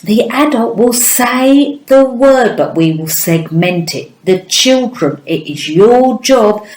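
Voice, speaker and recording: Woman, phonics teacher, very slow, sounding words out, echoey room. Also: a little high, lively intonation, darkish tone, a little hiss or hum. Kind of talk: children's phonics lesson.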